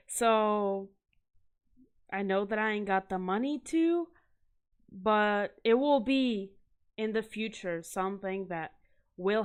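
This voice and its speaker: A woman's voice: medium pitch, clean tone. A woman hosting a casual video review of comic art, chatty and enthusiastic, often stopping to correct herself and laugh nervously. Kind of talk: casual chat.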